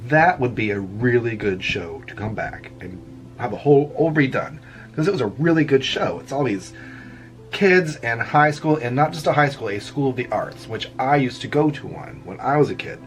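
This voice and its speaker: Middle-aged guy just rambling on while he draws, keeps laughing at his own jokes, soft music in the back. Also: mid-range voice. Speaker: vlogger. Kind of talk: casual chat while drawing. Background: faint background music.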